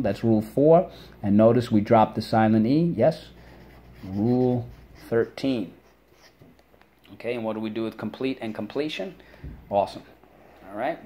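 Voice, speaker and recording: A male teacher leads an upbeat spelling and vocabulary lesson for children, drilling each word syllable by syllable and pausing so the class can repeat. His voice is medium-pitched and mellow.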